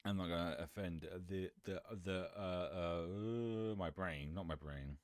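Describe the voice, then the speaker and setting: A man chatting casually on a live stream, rambling and swearing, growing animated when he rants. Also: sits low, unhurried, clean tone, no echo, clean studio sound.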